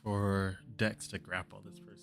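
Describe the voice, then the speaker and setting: A man's voice: on the low side, little pitch movement, normal speed, creaky. A man narrating as game master of a tabletop game, hesitant with many ums and uhs. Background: guitar music.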